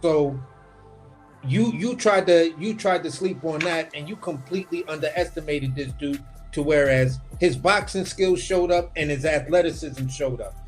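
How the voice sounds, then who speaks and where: A man on a livestream video call, animated and opinionated, repeating words as he builds his point about boxing. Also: on the high side, moderate pace, faint music behind. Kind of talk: casual boxing chat on a livestream.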